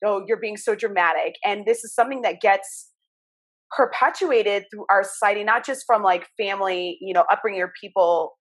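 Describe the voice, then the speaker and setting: Woman, podcast host, casual chat, expressive storyteller. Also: mid-range voice, normal speed. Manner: animated storyteller, acts out childhood voices. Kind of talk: casual conversation.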